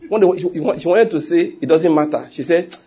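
A man preaching a sermon in an animated way, full of laughing asides and acted-out quotes. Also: fairly high pitch, fairly quick, husky.

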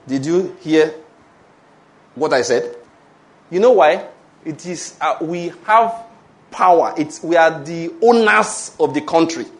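Nigerian male pastor, fairly high voice, emphatic sermon delivery with call-and-response. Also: slow pace, pauses often.

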